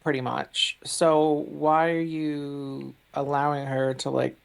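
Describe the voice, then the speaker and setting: A podcast co-host who grew up in the UK, talking through a film in a measured, hesitant way. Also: mid-range voice, flat delivery, gravelly, clear, resonant tone. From United Kingdom. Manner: measured, thoughtful, hesitant with fillers. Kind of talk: casual movie review chat.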